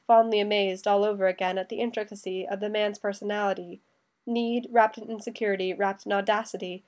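A woman narrating a story as an audiobook reader. Her delivery is steady and even. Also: medium pitch. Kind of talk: scripted narration.

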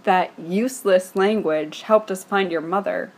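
A woman's voice: fairly low pitch, unhurried. Woman doing a sneering, foul-mouthed young man. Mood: taunting. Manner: sarcastic, taunting.

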